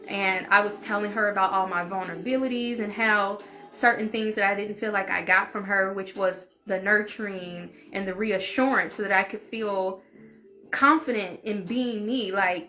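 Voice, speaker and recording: A woman's voice: medium pitch, bright, forceful tone. A young woman vlogger tells a personal story in an open, emotional way, close to tears at times. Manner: emotional, confessional, speaks openly and with feeling. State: tearful at times.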